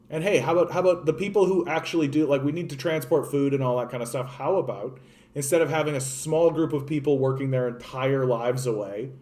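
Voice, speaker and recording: A young man from Canada ranting about politics, swearing often and swinging between loud outbursts and hushed, soothing asides. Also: medium pitch. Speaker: political streamer. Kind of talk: profane political rant.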